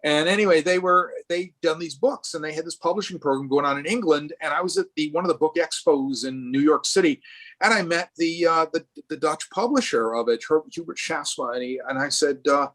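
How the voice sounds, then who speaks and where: A man's voice: on the high side, a little fast, fairly bright tone. A middle-aged man from Rhode Island, speaking as a guest artist at a live artist event over a video call, rambling with many restarts and fillers.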